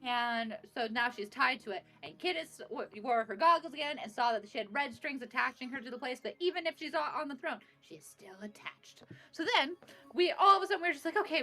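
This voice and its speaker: High, bright-voiced bubbly young woman. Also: lively intonation, brisk, faint music behind. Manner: bubbly, laughing, acting out bits of dialogue. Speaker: player recapping a tabletop campaign. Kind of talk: casual recap chat.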